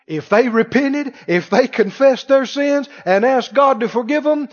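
A man's voice: extremely high pitch, moderate pace, hardly any pauses. A man preaching a sermon as pastor, animatedly acting out the voices of doubting people. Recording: dull audio with long hall reverb.

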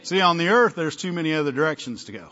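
A man's voice: a little high, animated, fast, bright, forceful tone, highs cut off. A male pastor preaching a conversational sermon, often asking the congregation "amen?" and "right?".

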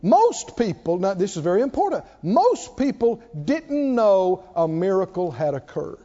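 A man preaching a sermon as pastor of a church, animated, calling out hallelujahs. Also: high-pitched, unhurried. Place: church sanctuary. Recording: dull sound, long hall reverb.

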